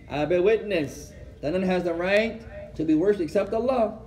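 A man giving a religious lecture, telling a story lively and acting out conversations, often adding Arabic phrases and laughing as he goes. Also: high voice, moderate pace. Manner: animated, acts out dialogue, code-switches with Arabic phrases; laughs while telling stories. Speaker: Islamic teacher.

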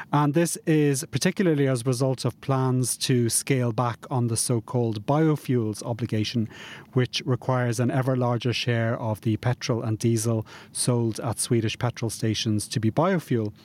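Podcast host reading news. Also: male voice, medium pitch, a little mellow. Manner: measured, reads script. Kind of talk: scripted news read and interviewing.

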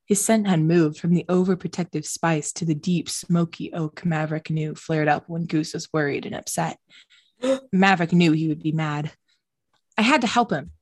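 A woman's voice: sits low, fairly even intonation, moderate pace, a little mellow, no echo, studio quality. A woman co-hosting a podcast who reads fanfiction aloud reluctantly, making exasperated comments along the way. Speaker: podcast co-host. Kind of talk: casual podcast reading.

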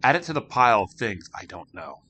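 A man voicing a timid young boy who talks in a hushed, unsure way. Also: medium pitch, very animated, brisk, slight background noise. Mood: worried.

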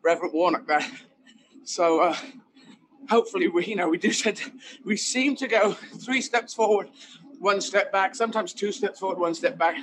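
A comedian talks in a lively, emphatic rush, circling back on his phrases. His voice sits high for a man. Steady outdoor noise runs under everything. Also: moderate pace, low-quality recording. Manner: animated, emphatic, rambling asides. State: running while talking. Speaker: guest comedian. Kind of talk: conversational interview.

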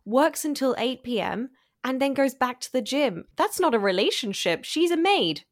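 A woman's voice: sits high, animated, moderate pace. Blunt indignant woman co-host. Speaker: podcast co-host. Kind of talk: casual review chat.

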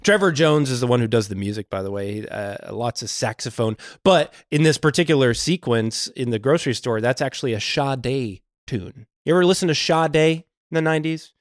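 Male podcast host, animated and expressive delivery, dry close-mic sound. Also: mid-range voice, normal speed, few pauses, no room sound. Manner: animated, acts out movie lines, laughs often. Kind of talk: casual film chat.

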